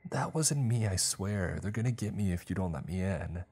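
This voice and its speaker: Guy putting on a panicky young woman, pleading and frantic, pitched up from his deep voice, horror story. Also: lively intonation, moderate pace, a little mellow, husky, exaggerated voice.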